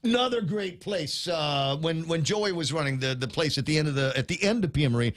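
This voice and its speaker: A man's voice: fairly high pitch, expressive, a little fast, a bit bright, dry recording. A man hosting a morning radio talk show from the studio, rambling casually with fillers, restarts and chuckles. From Guam. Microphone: studio mic.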